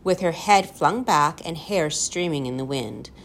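A woman reading a children's storybook aloud in a lively, expressive way. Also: deep voice, a little slow. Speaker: narrator.

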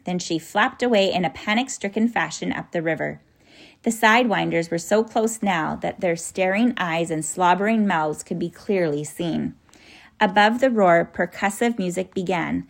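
A woman reading a children's story aloud in a lively way. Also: lowish voice, gravelly. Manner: lively, acts out the characters.

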